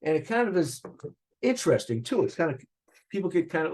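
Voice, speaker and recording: An older man with a Boston accent recalling his upbringing in an interview, animated and rambling, with frequent restarts. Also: on the high side, fairly quick. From Boston area, USA. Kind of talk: reflective interview recollection.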